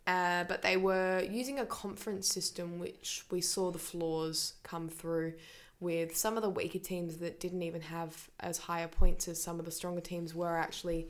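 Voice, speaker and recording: A young woman with an Australian accent co-hosting a casual sports podcast, confident and quick to laugh. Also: fairly low pitch, little pitch movement. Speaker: podcast co-host.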